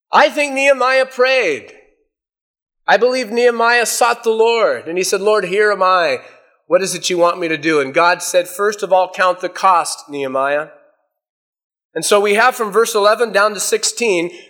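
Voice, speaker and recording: A man's voice: sits high, a bit bright. A middle-aged man preaching a sermon, reading scripture aloud and explaining it with folksy asides. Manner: reads scripture aloud, then explains it with illustrations.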